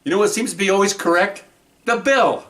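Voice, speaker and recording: A man's voice: high voice, very fast, distant mic. Rambling man telling a story off-mic. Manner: rambling, animated, laughs at his own story. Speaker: podcast host telling cop stories. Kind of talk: casual storytelling.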